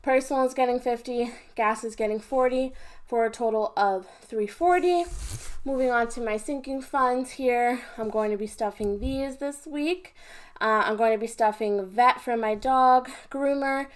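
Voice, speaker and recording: Casting: upbeat woman in her twenties, casual vlog chat, a bit higher-pitched. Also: normal speed. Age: 20s. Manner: chatty, upbeat, talks while counting cash. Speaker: budgeting vlogger.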